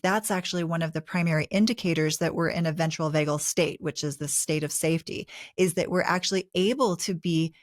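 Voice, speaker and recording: A woman co-hosting a relationship advice talk, explaining ideas in a measured, teacherly way. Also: deep voice, no echo, clean studio sound. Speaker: podcast co-host.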